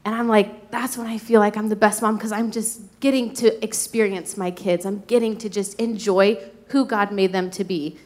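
A woman's voice: mid-range voice, steady tone, moderate pace, few pauses, darkish tone. A woman in her thirties sharing a personal testimony, chatty and heartfelt, acting out quotes from her own life. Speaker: mother sharing a church message. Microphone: speaking from notes.

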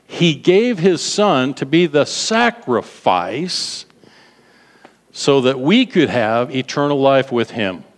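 A man preaching a sermon to a congregation, animated, repeating words for emphasis and prompting them to respond. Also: on the high side. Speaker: pastor. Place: large hall. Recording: long reverb of a large hall.

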